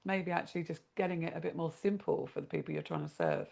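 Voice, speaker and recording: A woman's voice: lowish voice, quick pace, creaky, a little mellow. A woman hosting a podcast who asks probing, encouraging questions. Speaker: podcast host. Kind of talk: podcast interview.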